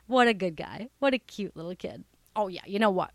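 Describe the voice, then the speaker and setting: A woman's voice: medium pitch, animated, brisk, no echo. A woman doing a brash, folksy comic monologue as a pushy coach mom. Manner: brash, folksy, ungrammatical slang. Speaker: comedic character, a pushy talent coach mom. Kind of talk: character comedy monologue.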